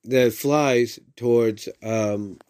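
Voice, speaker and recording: A man's voice: medium pitch, fairly even intonation, very slow, darkish tone, smooth. A man rambling through a story recap. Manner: rambling, many fillers and restarts, repeats "if you will".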